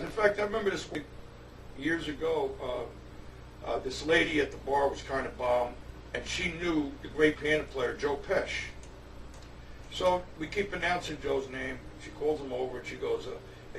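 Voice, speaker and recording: A man's voice: fairly high pitch, a little hiss or hum. Older New man spinning yarns. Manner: animated anecdotes, many fillers and restarts. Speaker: drummer telling stories. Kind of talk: casual storytelling. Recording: echoey room, distant mic, faint ambience.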